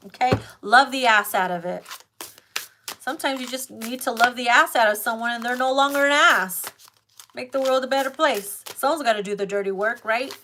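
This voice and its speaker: A tarot reader with a fairly high, sharp-toned voice gives a casual card reading, speaking directly to her viewers. She's blunt and emphatic, swearing throughout, and there's slight background noise.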